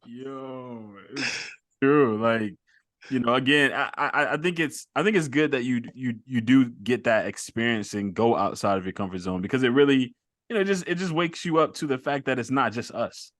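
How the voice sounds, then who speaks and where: A man hosting a casual podcast chat, animated and often restarting his sentences. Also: mid-range voice, normal speed, dry recording, clean studio sound. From United States. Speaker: podcast host.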